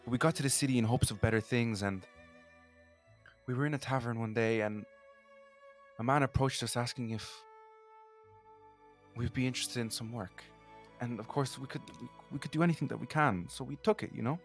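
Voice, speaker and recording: A man's voice: mid-range voice, fairly quick, long pauses, faint music behind, lightly acted. A man voicing a desperate young woman who lost her sister, speaking hesitantly with many restarts. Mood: grieving.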